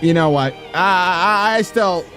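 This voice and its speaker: A man's voice: high voice, a little slow, sharp tone, soft background music. A man chatting casually on his livestream, stammering through restarts and swearing as he talks. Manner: thinks aloud while adjusting his mic sound. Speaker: streamer.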